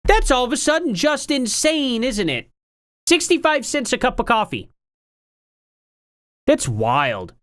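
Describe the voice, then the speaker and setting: A woman's voice: sits high, big pitch swings, measured pace, long pauses, fairly bright tone, dry recording, clean studio sound. Sarcastic lady streamer reacting to a clip, voice swoops up and down a lot. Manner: sarcastic, rhetorical questions. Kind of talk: casual commentary.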